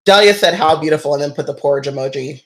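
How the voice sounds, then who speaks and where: A chatty host moves between reading a novel aloud and enthusiastic side commentary. The voice has a middle pitch and a relaxed, conversational delivery. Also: fast.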